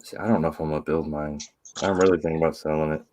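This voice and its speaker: A man's voice: rumbling low, fairly even intonation, rapid-fire, a little mellow, a little hiss or hum. A man co-hosting a live building stream who chats in a laid-back way over a remote call. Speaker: co-host. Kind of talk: casual chat while building.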